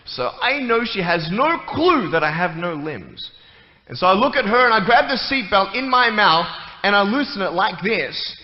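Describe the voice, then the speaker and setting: A man's voice: high-pitched, very animated, normal speed. A man giving a playful, joking talk to a church audience. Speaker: guest speaker. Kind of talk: humorous stage talk. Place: church hall. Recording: echoey hall, muffled, faint noise.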